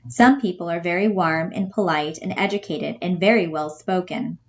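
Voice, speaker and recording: Woman reading as a traveling dad writing his boys, gentle, wry, muffled lo-fi sound. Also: lowish voice, normal speed, slight background noise, lightly acted. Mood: wistful. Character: worried middle-aged father writing home.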